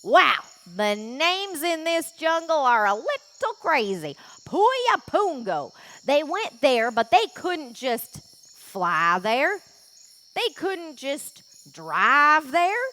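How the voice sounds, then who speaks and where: A woman playing a bubbly, excitable lady with a pet snake, telling a story at a children's camp in a gushing, folksy way. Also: high-pitched, slow, full character voice. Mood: storytelling. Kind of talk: children's ministry skit storytelling.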